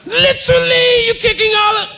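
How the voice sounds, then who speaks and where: A man voicing a cocky, angry male security guard in a shouted, high mock British accent. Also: flat delivery, takes it slowly, noisy background, heavily acted.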